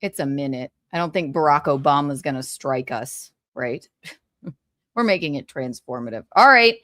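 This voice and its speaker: Chatty livestream woman, lively pitch. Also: normal speed, no echo, studio quality. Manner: chatty, giggly, tired asides. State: exhausted. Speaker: livestream gossip host. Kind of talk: casual chat.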